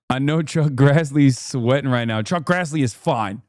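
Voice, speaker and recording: A man's voice: mid-range voice, moderate pace, hardly any pauses, no echo. Sarcastic male streamer, dry sound. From United States. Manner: sarcastic, joking. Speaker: streamer and political commentator. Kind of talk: casual livestream commentary.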